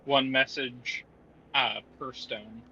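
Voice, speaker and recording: Calm male game master. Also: medium pitch, slow, husky, lo-fi sound. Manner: calm, explaining rules step by step. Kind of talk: running a tabletop game.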